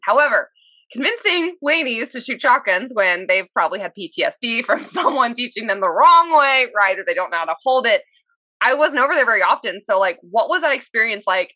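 A woman hosting a casual podcast chat, bubbly and quick to laugh. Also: fairly high pitch, sharp tone, dry recording. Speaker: podcast host.

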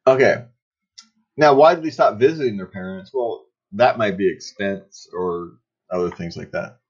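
An older man hosting a podcast, chatting casually and rambling a bit, with a husky voice. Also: fairly low pitch, normal speed, dull audio. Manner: rambling, chuckles often. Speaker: podcast host.

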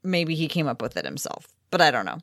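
A woman with a lowish voice co-hosts a casual sports podcast and reads listener questions in an upbeat way. Her voice sounds dry and close. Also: very animated, fast, gravelly, a bit bright, dry recording. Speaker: podcast co-host.

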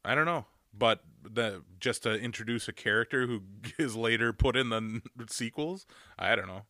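A man in his thirties in casual podcast chat, swearing a lot and breaking into loud mock yelling as he rants. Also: medium pitch, moderate pace, no echo, clean studio sound. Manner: profane, ranting, bursts into loud mock yelling. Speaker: podcast co-host.

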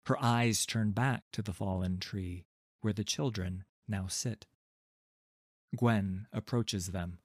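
A man reading a fantasy story aloud in a calm, measured and gently expressive way. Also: lowish voice, dry recording, studio quality. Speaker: narrator. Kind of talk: scripted storybook narration.

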